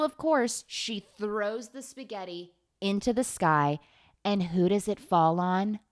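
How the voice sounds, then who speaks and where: Sarcastic, swearing young woman vlogger. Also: mid-range voice. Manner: sarcastic, profane, gossipy. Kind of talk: casual movie recap.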